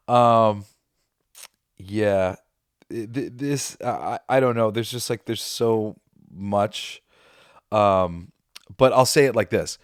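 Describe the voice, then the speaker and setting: A man's voice: on the low side, takes it slowly, pauses often, dry recording, studio quality. A man hosting a podcast, chatting casually and rambling with fillers and laughs. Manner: rambling, quotes movie lines with laughs. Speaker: podcast host. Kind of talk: casual chat.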